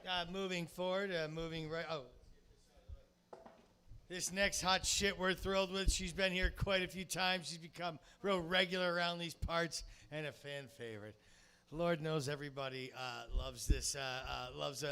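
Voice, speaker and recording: A male emcee with a bright, forceful, slightly high voice introducing acts at a comedy club. He jokes loosely and stumbles over his words. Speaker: comedy show host.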